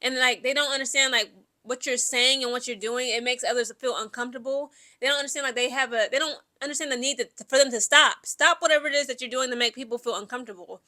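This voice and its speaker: A young adult woman talks through her opinions, animated and opinionated, with plenty of filler words. Her voice sits high and sounds bright and forceful, with a lively, chatty delivery. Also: fast talker. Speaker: commentary vlogger. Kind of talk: casual opinion commentary.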